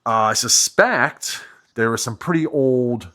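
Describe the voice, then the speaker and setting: Lively, bright-voiced rambling man. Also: medium pitch, slow. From New Hampshire. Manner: rambling, joking, self-deprecating asides. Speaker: host working on an old vehicle. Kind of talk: casual running commentary while wrenching.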